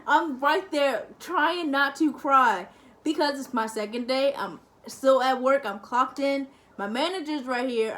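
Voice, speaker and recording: A young woman vlogger telling a casual story to camera, chatty and lively, acting out the other people. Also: high voice. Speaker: family-channel vlogger.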